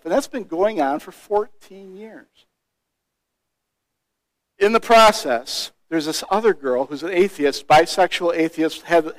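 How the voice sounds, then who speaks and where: High-voiced male street evangelist storyteller. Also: no room sound, poor audio. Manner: animated storytelling that acts out other people's voices. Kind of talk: personal storytelling.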